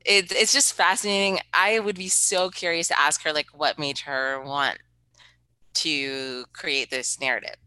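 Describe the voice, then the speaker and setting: A woman co-hosting a podcast, reacting in casual chat and musing slowly aloud. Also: low voice, steady tone, bright, forceful tone, smooth, no room sound, poor audio. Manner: slow, musing reactions with laughs. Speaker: podcast co-host.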